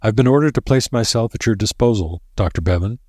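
A man's voice: on the low side, quick pace, a little mellow, no room sound, voice pushed up, close to an everyday voice. A man voicing a cheerful, blind young noblewoman in a lilting, lifted voice. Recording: dry close recording.

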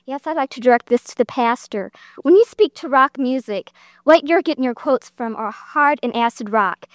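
Woman, high voice, polite, pleading audience question, dry sound. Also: normal speed, no echo. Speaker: audience member. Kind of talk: public debate question.

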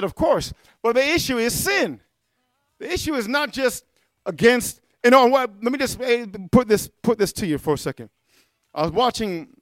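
Fervent male preacher, very high and sharp voice, dry close sound, sermon delivery punctuated by amens. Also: dry recording. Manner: mocking impressions of other preachers.

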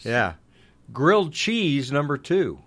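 A man's voice: fairly high pitch, big pitch swings, slow pace, a bit bright. A man hosting a local sports radio segment, chatting in a folksy, rambling way and poking fun at himself. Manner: folksy, rambling, self-deprecating. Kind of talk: casual on-air chat.

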